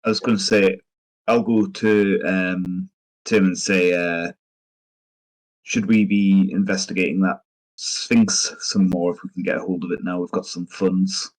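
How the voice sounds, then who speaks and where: A man with a very low voice asks brief, plain questions as a tabletop game player. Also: level tone, a little slow, rough recording. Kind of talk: casual game chat.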